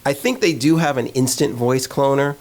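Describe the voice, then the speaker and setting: A man hosting a filmmaking channel, giving a candid, opinionated, conversational review of software. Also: medium pitch, normal speed. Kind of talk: casual tech review talk.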